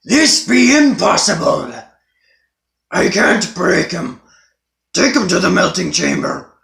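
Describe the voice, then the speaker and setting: A man voicing a gruff pirate robot crossed with a shouting cop, gravelly and bellowing. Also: high-pitched, sing-song, takes it slowly, voice pushed up, full character voice. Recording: roomy echo.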